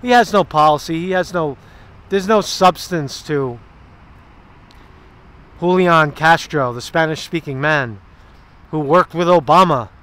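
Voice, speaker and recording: A man's voice: on the high side, measured pace, long pauses, a bit bright, clear, resonant tone. A man giving rambling, profane political commentary while walking in a park outdoors. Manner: rambling, profane, sarcastic asides. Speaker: political vlogger.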